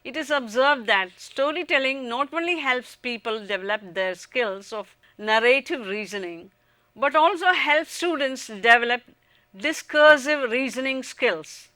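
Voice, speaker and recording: A woman with an Indian English accent reading a scripted lecture on teaching, in an even, formal way. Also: high voice, unhurried, dry recording. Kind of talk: scripted educational narration.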